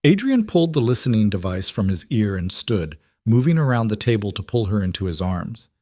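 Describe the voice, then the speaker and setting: A man narrates a romance story in a steady, even storytelling manner. His voice is low and the recording dry, with no room around it. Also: a little fast, no room sound. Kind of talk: scripted narration.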